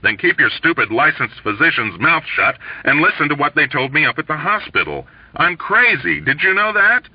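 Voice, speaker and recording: A man's voice: fairly high pitch, sing-song, normal speed, few pauses, husky, no room sound, voice pushed up. A man doing a frantic, indignant young airman. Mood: frantic insistent. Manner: frantic, emphatic, insistent. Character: desperate, indignant young male bomber airman. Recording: dull lo-fi dry recording.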